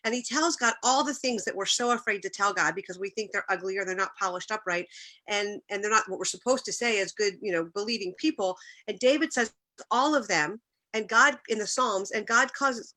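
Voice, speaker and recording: A middle-aged woman speaks with a bright, forward tone in an earnest devotional talk. Her delivery is personal and heartfelt, sometimes emotional, with small restarts as she tells her stories. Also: medium pitch, a little fast.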